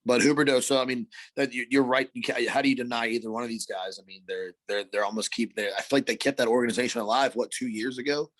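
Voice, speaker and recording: A man's voice: mid-range voice, fairly even intonation, quick pace, few pauses, a bit bright, no room sound. A man co-hosting a casual sports podcast, laid-back, calling everyone bro and man. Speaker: podcast co-host.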